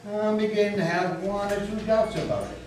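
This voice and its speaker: A man's voice: sits high, sing-song, fairly quick, a little mellow, heavy reverb, far from the mic, soft background music, pitched above the performer's own voice, low-quality recording. A man playing a cautious New Hampshire farmer in a stage dramatic reading. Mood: wary. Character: wary New Hampshire farmer, growing bold.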